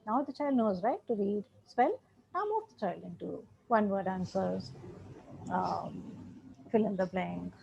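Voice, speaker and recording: Indian English woman trainer, gravelly mellow delivery, dull lecture recording. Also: mid-range voice, slight background noise. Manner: emphatic, repeats points, laughs often. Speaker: special education trainer. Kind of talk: lecture to teachers and parents.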